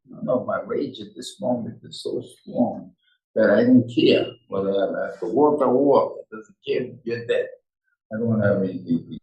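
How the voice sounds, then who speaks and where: An older man giving a rambling, halting Torah class, restarting his sentences often. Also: on the low side, mellow. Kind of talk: informal Torah lecture. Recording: echoey room, voice far from the mic.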